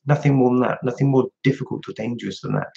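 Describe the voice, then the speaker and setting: A man's voice: medium pitch, fairly even intonation, fast talker, gravelly, dark tone, lo-fi sound. A man hosting a casual livestream, chatting and answering viewers' questions one by one. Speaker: livestream host.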